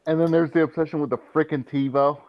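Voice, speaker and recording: A man's voice: fairly high pitch, steady tone, fast talker, dry recording, highs cut off. A man co-hosting a movie review show in casual chat, joking, quoting scenes and laughing often.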